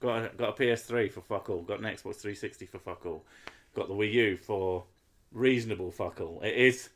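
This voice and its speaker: Low-voiced, swearing man rambling. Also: normal speed. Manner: rambling, sweary, self-mocking humour. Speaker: game streamer. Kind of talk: casual live-stream chat.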